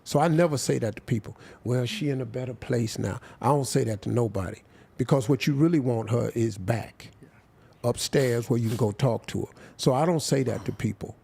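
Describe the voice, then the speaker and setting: An older man with tells a personal story as an interview guest. His gravelly voice sits at an ordinary pitch, and he talks slowly and heartfeltly, sometimes falling almost silent. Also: mellow. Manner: slow, heartfelt, drops to near silence at emotional points. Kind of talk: emotional storytelling.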